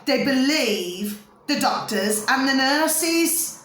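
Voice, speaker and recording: This vlogger talks slowly in a high-pitched, expressive, somewhat bright voice, filming herself casually in a room at home. Chatty by nature, she keeps checking in to see that the viewer understands. Her recording has an echoey quality.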